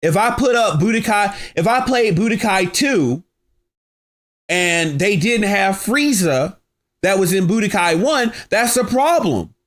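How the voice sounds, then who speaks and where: Man, high-pitched voice, heated livestream rant, mocking, slangy, combative. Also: sing-song, a little slow, fairly bright tone. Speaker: livestream host.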